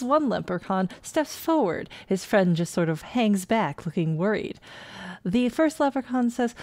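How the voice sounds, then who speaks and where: A giggly woman streamer chats casually while she plays, reading messages aloud and tossing off jokes. Her voice sits at an ordinary middle pitch and is recorded very dry and close, with no room sound. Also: lively intonation, moderate pace, darkish tone, no echo. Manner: giggly, jokey, reads emails with playful voices. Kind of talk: casual let's play commentary, reading in-game emails aloud.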